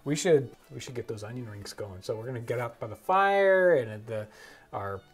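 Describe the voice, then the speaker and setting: A man hosting a cooking show, chatting casually as he tastes food, relaxed and repeating words as he thinks. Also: medium pitch, normal speed, slightly rough, soft background music. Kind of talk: casual tasting chat.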